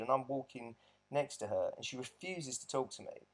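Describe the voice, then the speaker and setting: A man's voice: medium pitch, expressive, moderate pace. A man talking earnestly about his own experience in a reflective storytelling monologue, often restarting his sentences. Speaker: abuse survivor vlogger.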